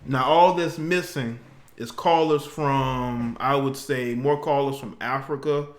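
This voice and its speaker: A man's voice: mid-range voice, fairly even intonation, measured pace. Slangy laid-back male livestream host. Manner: loose, slangy, chuckling. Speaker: livestream talk show host. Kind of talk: casual livestream chat, reading out viewer comments.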